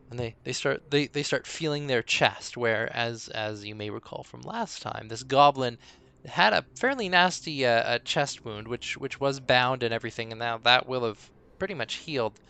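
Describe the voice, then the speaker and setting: A man's voice: medium pitch, normal speed, vocal fry, sharp tone, clean tone. A man narrating a tabletop game as game master on a live stream, rambling, with many fillers and restarts.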